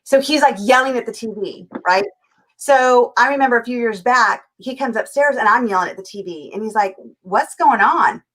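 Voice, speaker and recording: A woman's voice: on the high side, fairly quick, fairly bright tone. A woman from California, a life coach and interview guest, talking energetically and acting out little scenes in quoted voices. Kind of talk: animated interview talk.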